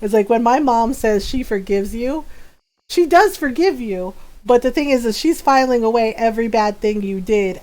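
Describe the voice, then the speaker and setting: High-voiced woman streamer telling stories. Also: rough recording. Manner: animated storyteller, laughs often. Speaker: livestreamer. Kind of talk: casual chat while gaming.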